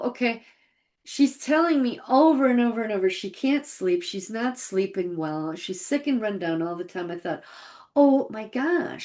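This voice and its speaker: A woman's voice: mid-range voice, darkish tone. A middle-aged woman recounting a personal story in a casual, reflective way, often quoting what she thought and said at the time. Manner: conversational, reflective, quotes her own past thoughts.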